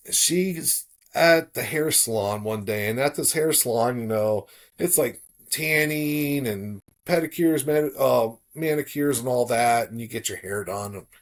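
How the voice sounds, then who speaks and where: A middle-aged man from South Florida, a podcast guest telling a personal story in a relaxed, casual way, livening up when he quotes others. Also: medium pitch.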